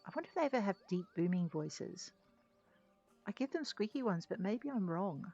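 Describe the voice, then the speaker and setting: A woman's voice: medium pitch, expressive, moderate pace, darkish tone. Giggly woman streamer chatting while she plays, dry slightly muffled mic, faint game music. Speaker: streamer playing a video game. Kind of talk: casual live-stream commentary.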